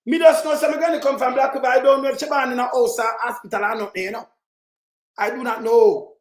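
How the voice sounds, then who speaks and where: A speaker with a Jamaican accent giving an angry, profane political rant that keeps breaking into shouts. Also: high voice, fairly even intonation, fast. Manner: profane, heated, shouts in bursts. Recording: roomy echo.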